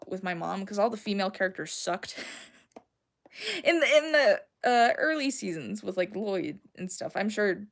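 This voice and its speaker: A young woman with a Southern American accent, casually rambling and giggling as she chats with her livestream viewers. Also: mid-range voice. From Southern United States. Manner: rambling, giggly, self-deprecating. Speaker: streamer. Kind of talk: casual livestream chat, answering chat.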